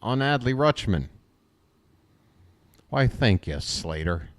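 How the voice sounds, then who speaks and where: A man doing live fan play-by-play of a baseball game, chatty and wisecracking, talking back to viewers in chat between pitches. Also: sing-song, slow.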